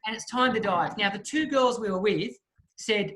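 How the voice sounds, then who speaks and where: A man, a guest speaker telling a lively story in a talk and acting out the people in it. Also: sits high, moderate pace, slight background noise. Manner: lively storyteller who acts out the voices of the people in his story.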